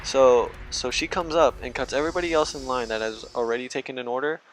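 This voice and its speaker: A man's voice: mid-range voice, quick pace, slight background noise. A man casually telling a personal anecdote to his viewers in a laid-back manner, laughing now and then. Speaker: vlogger. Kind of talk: casual storytelling.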